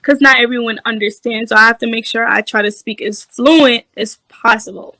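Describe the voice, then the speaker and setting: A woman being interviewed about her dance career, telling stories in an animated, casual way and acting out the voices of others. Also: on the high side, normal speed, dry recording. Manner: animated storytelling, acts out quoted voices.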